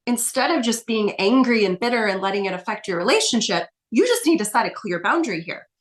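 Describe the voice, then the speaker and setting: A woman coach talking as a podcast guest in a mid-pitched, everyday voice. She explains her points emphatically, in a casual, conversational way. She keeps checking in with the listener, adding "right?" to nearly every point. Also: expressive, brisk.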